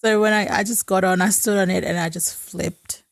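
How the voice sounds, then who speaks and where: Sarcastic Australian woman with a gravelly edge. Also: medium pitch, steady tone, fairly quick, no room sound. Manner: sarcastic, giggly. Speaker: podcast guest. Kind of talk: casual chat.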